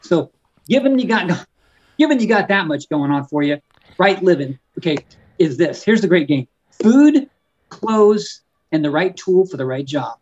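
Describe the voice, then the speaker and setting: A man, an author and guest on a podcast, talking in a fervent preaching style, often repeating words and slowing down on key words. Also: sits high, very animated, a little mellow, lo-fi sound. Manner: fervent and emphatic, stretching key words slowly; frequent stumbles and repeated words. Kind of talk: preaching-style conversational talk.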